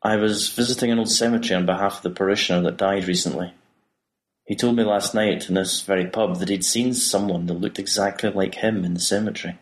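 A man voicing a troubled priest who speaks quietly and subdued. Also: low voice, steady tone, fast, close to an everyday voice. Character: troubled middle-aged male priest.

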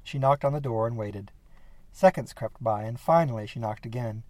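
A man narrating a horror story in a steady, measured reading voice. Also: medium pitch, no room sound.

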